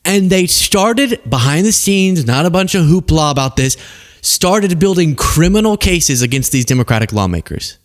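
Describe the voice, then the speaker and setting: A man's voice: on the high side, lively intonation. Sarcastic male political commentator. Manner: sarcastic, emphatic, quick asides.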